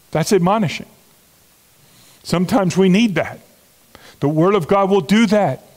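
Earnest preaching man, raised pitch. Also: a little fast, long pauses. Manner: earnest, conversational preaching with emphatic stresses and asides to the congregation. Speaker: pastor. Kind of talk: sermon. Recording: long hall reverb.

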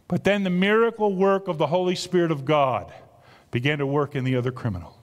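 A man with a South Jersey accent preaching a sermon, animated and exclamatory, full of rhetorical questions. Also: fairly high pitch, a little fast, long reverb tail. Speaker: pastor.

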